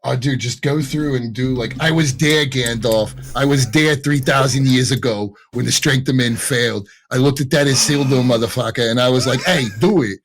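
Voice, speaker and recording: A man's voice: mid-range voice, moderate pace, few pauses, a little hiss or hum, lightly acted. A man voicing a crude, boastful ancient male elf lord who swears while retelling old deeds.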